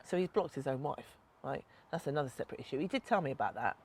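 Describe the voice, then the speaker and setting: A woman's voice: low-pitched, lively intonation, quick pace, a little mellow, slight background noise. A woman, a podcast co-host and author, retelling a story bluntly with plenty of swearing, recorded outdoors in a back garden. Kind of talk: casual chat, storytelling.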